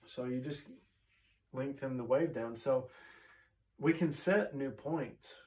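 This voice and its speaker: Man, chiropractor, casual explainer, mid-pitched voice, a little distant from the mic. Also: takes it slowly, darkish tone. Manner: conversational, often tags on "right?".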